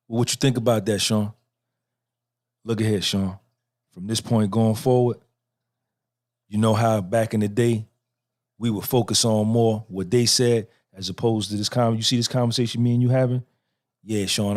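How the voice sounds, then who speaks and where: A man's voice: lowish voice, little pitch movement, moderate pace, pauses often. A middle-aged man hosting a podcast, giving a profane, repetitive motivational monologue and talking back and forth with himself. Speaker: podcast host.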